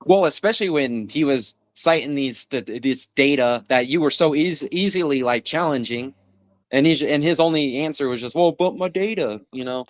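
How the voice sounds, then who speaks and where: A man's voice: mid-range voice, normal speed, no echo. Blunt male caller, dry sound. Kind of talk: casual phone-in chat.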